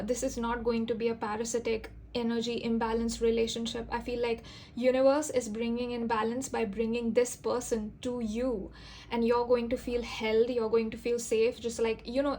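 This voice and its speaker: A woman giving an intuitive tarot reading, speaking gently and earnestly with a reassuring, soft-spoken manner and frequent fillers. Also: fairly high pitch, a little hiss or hum. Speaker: tarot reader.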